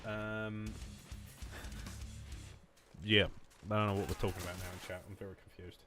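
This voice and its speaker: A man's voice: fairly low pitch, flat delivery, normal speed, music in the background. A man with an Essex accent, rambling and swearing in a jokey way while streaming a shooter game. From England. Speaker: gaming streamer. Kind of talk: casual livestream commentary. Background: game gunfire.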